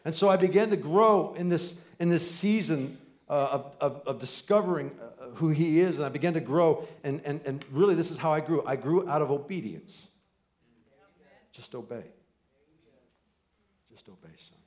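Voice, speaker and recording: A man in his forties preaching a sermon, telling family stories with quoted voices and swinging from loud excited bursts to soft, near-whispered lines. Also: fairly high pitch, moderate pace. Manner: animated storytelling with quoted voices and asides. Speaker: pastor.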